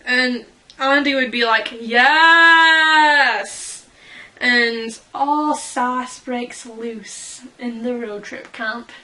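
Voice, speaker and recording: Young woman, fan vlogger, slow giggly ramble, bright tone. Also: fairly high pitch, little pitch movement, poor audio. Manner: giggly, rambling, self-deprecating. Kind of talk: casual chat.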